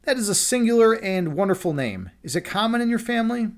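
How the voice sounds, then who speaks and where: A man's voice: sits high, big pitch swings, fairly quick, voice pushed up. A man reading as a kind, trusting little mouse. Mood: curious.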